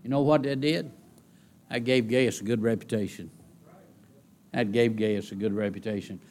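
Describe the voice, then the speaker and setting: Preaching man, swinging loud and soft. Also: on the low side, moderate pace. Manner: animated preaching with sudden loud rises and soft drops; repeats phrases for emphasis. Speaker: pastor. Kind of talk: sermon.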